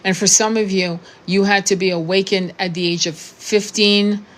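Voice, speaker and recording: A woman's voice: medium pitch, steady tone, normal speed. Blunt, profane woman in her sixties. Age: 60s. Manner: blunt, profane and impassioned, with restarts. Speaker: tarot reader and spiritual coach. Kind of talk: unscripted monologue to camera.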